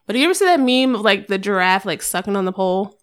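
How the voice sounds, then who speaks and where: A woman's voice: mid-range voice, lively intonation, fast, clean tone. A young adult woman, a podcast guest, chatting casually and telling stories animatedly, acting out what people said. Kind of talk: casual chat.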